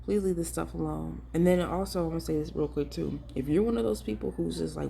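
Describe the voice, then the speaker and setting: Gravelly-voiced, earnest ministry vlogger. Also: medium pitch, fast, hardly any pauses, warm tone, slight background noise. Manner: earnest, emphatic, pleading; casual and direct, addressing viewers as y'all. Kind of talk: preachy vlog commentary.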